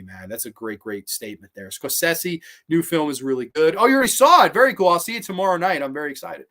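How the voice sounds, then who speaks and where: A man's voice: a little high, a bit bright. A young man hosting a casual livestream, rambling and swearing a lot as he reads out viewer comments. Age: young adult. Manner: rambling, heavily profane, many restarts. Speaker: livestream host.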